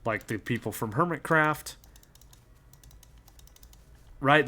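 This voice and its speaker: A man's voice: medium pitch, expressive, a little slow, a bit bright. A man in his thirties chatting casually on a live stream, rambling and joking, chuckling as he goes and greeting viewers by name.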